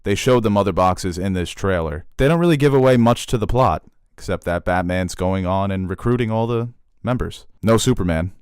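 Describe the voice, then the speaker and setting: Deep-voiced man joking about movies. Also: fairly quick, hardly any pauses, clear, resonant tone, dry recording, clean studio sound. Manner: joking, enthusiastic, riffs with goofy voices. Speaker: co-host. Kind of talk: casual movie trailer chat.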